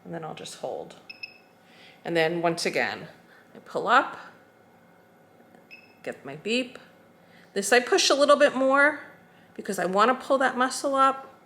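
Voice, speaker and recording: A woman teaching a skincare routine, calmly talking through each step as she demonstrates it. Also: fairly high pitch, measured pace, long pauses. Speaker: skincare instructor.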